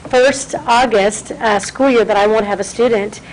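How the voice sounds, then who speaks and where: A woman's voice: mid-range voice, fairly even intonation, normal speed, slight background noise, rough recording. A middle-aged woman, a city councilwoman, speaking as a guest at a school board meeting, chatty and self-deprecating, full of thanks. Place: meeting room.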